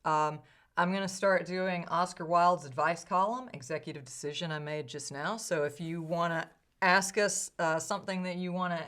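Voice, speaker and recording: A woman with a fairly low voice co-hosts a relaxed podcast. She talks in a lively, chatty way, giving advice with quick restarts and a light improviser's energy. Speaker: podcast co-host. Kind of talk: casual chat.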